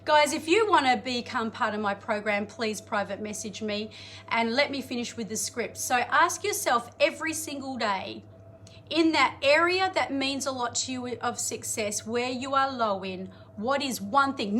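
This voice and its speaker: A woman, coaching an audience in a chatty, energetic live-streamed motivational talk, greeting viewers and laughing often. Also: fairly high pitch, slight background noise. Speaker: life coach.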